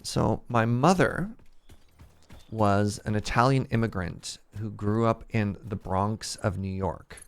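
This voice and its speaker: A man hosting a casual gaming stream, chatty and quick to laugh as he tells stories. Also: lowish voice, slight background noise. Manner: laughs easily, chatty storytelling. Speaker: streamer host. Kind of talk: casual chat while gaming.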